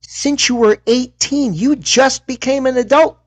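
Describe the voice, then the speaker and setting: A man's voice: very high-pitched, measured pace. A man co-hosting a podcast interview, chiming in with short affirmations and follow-up remarks. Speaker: podcast co-host. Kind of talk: casual interview.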